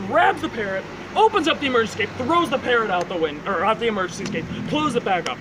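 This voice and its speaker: Man, casual joke teller with a lively voice that swoops into high character voices, recorded outdoors with loud street traffic. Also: fast. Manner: animated storyteller, jumps into high character voices.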